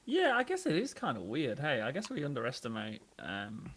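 Brief: curious man, casual co-host chat, pitch swinging freely. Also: huge pitch swings, moderate pace, a bit bright. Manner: curious, asks questions.

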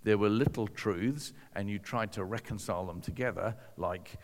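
A man's voice: fairly low pitch, normal speed, a little hiss or hum. Man telling his story in an echoing hall. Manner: conversational, self-deprecating, with dry asides. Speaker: speaker giving a personal testimony. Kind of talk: storytelling talk to an audience. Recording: long reverb from a large hall.

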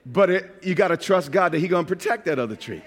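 A man from New York preaching a sermon as a pastor, animated and at times shouting. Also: sits high, fast talker, long reverb tail, a little hiss or hum.

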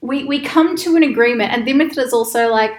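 Woman, casual storyteller, lively quoted voices, slightly high pitch, roomy echo. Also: a little fast. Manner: animated, quotes people in raised voices, laughs often. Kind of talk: casual anecdote telling. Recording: echoey room.

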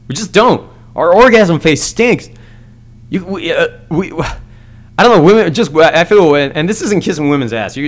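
A man hosting a solo podcast, ranting crudely and rambling with frequent stammered restarts. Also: a little high. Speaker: podcast host. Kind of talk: solo comedic podcast rant.

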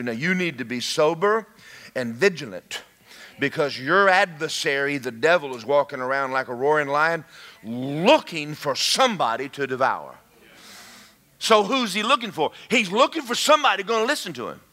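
A man's voice: on the high side, moderate pace. A man preaching a sermon, emphatic and calling out to the congregation. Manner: animated, emphatic, calls out to the congregation. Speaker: pastor.

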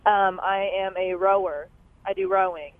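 A woman's voice: mid-range voice, fairly even intonation, measured pace, dry recording. A young woman calling in to a radio show, speaking casually with many "like"s and "um"s. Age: young adult. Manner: peppers her talk with "like" and "um". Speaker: caller, college rower. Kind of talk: phone-in chat. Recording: tinny phone line.

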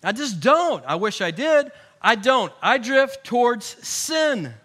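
A man preaching a sermon, moving between loud, emphatic points and quiet, personal storytelling. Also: very high-pitched, big pitch swings, takes it slowly. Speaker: pastor.

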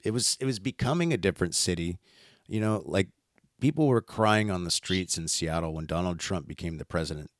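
A man's voice: low voice, lively intonation, a little fast, no echo, clean studio sound. A man hosting a podcast, chatting casually and bluntly, with some swearing and heated opinions. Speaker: podcast host. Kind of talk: casual political chat.

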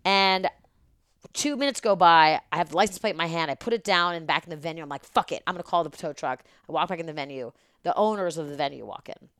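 Fast-talking, profane, low-voiced woman. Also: clean tone, dry recording, studio quality. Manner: profane, animated, rambling. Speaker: podcast guest; event producer. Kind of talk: casual storytelling.

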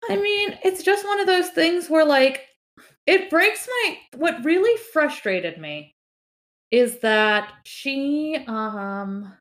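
A woman co-hosts a TV recap podcast, casually talking things through in a thoughtful way and hedging with "I mean." Her voice is high, expressive, slow and a little bright.

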